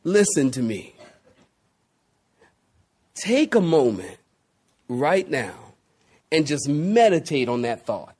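A man preaching a sermon as pastor, addressing listeners as saints, drawing out key words with dramatic pauses and speeding up through long lists. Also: sits high, huge pitch swings, darkish tone, slightly rough. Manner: acts out quoted exclamations with rising energy.

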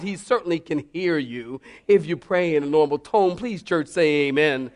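A man preaching to a church congregation as pastor, animated and humorous, breaking into mock voices and then spelling out points slowly like a teacher. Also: a little high. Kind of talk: sermon.

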